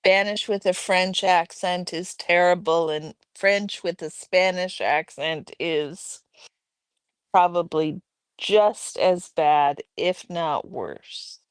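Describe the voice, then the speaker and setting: A woman hosting a casual livestream at home, chatting and reading out viewers' messages in a relaxed way. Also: fairly low pitch, slow, smooth, no echo. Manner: relaxed, reads chat aloud, chatty asides. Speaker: livestream host. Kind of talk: casual chat with live chat.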